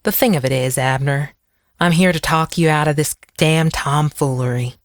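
A narrator playing a grizzled, tired old county sheriff in an audiobook, blunt and gruff with a bitter edge. The read is at a middle pitch and recorded dry, with no room sound. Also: normal speed, no room sound, lightly acted. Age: older.

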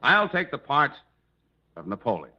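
A man's voice: medium pitch, huge pitch swings, moderate pace. A man guesting in a 1940s radio comedy with an exasperated, sarcastic delivery. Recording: dull vintage radio recording with loud hiss.

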